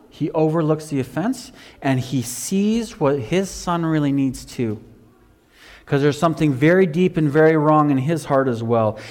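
Guy preaching a sermon, gets loud then drops quiet, bit high-pitched, echoey church hall. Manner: animated storytelling, rising loud for emphasis then dropping low.

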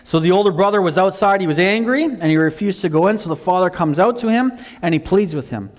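A man preaching a sermon, telling a Bible story with animated emphasis, swinging from loud to quiet. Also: fast talker, long reverb tail. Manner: animated storytelling, rising loud for emphasis then dropping low.

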